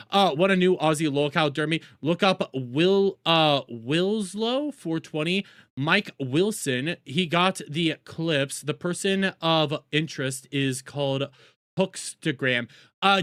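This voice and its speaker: A young male streamer riffs over clips and reads chat aloud, mocking and excitable, swearing freely. His bright voice swings widely in pitch in this live reaction commentary, recorded dry and close with no echo.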